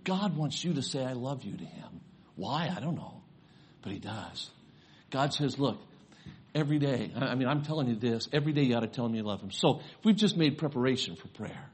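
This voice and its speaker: Husky older man preaching a sermon. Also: mid-range voice, lively intonation, fairly quick. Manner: storytelling, rising to fervent preaching. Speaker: pastor.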